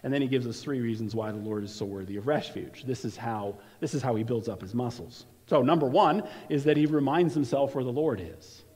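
A man's voice: medium pitch, brisk, hardly any pauses, darkish tone, breathy edge. A man preaching a sermon as pastor, talking conversationally and often repeating words as he starts a phrase. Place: church sanctuary. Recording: long reverb from a large hall.

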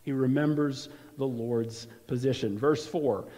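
Speaking from a church sanctuary, a man preaches as pastor in an unhurried, dark-toned voice of medium pitch. His manner is conversational, with words often repeated as he launches a phrase, all carried on long large-hall reverb.

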